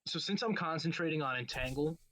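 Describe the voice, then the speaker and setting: Bright-voiced joking player, a man. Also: on the high side. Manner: jokey, laid-back, deliberate. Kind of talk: casual tabletop play.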